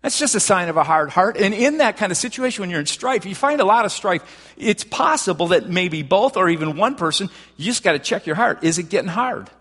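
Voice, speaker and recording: A man's voice: high voice, breathy edge. Man preaching in a reverberant hall. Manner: conversational preaching with frequent restarts, rising to animated emphasis. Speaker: pastor. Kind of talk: sermon.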